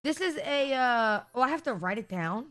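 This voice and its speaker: Woman streamer, giggly and sarcastic, rambles to chat, slightly higher voice, faint music underneath. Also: expressive, normal speed, fairly bright tone. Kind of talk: casual live-stream chat.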